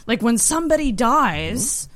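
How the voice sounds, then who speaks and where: A woman's voice: a little high, big pitch swings, unhurried, crowd noise. A woman in casual chat, musing and asking curious questions. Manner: musing, curious, laughs easily.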